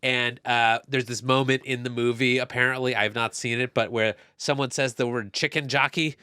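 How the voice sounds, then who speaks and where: Bright, chatty man rambling on a podcast. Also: medium pitch, steady tone, moderate pace, clean tone, dry recording, clean studio sound. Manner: rambling, self-deprecating, lots of "like". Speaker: podcast co-host. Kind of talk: casual chat.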